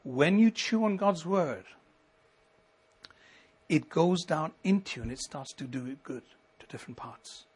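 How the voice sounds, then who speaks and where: A middle-aged man preaches from the pulpit with a husky, slightly breathy voice that sits a little high for a man. His delivery swells into ringing emphasis and then falls back to a hushed, close tone. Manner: preaching with rising emphasis and sudden soft drops. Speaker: pastor. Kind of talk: sermon.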